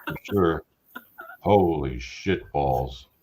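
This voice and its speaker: A man's voice: extremely low pitch, extremely slow, mellow. A middle-aged man hosting a casual live-stream chat, blunt and profane, joking around. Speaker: host.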